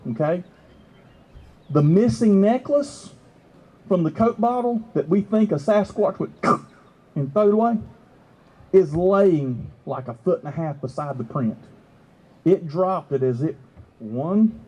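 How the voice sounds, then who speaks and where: A man telling an animated story to an outdoor festival crowd, excitable and laughing. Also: low-quality recording. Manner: excitable, laughing, leaps to high exclamations. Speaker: festival speaker. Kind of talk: animated storytelling to a live audience.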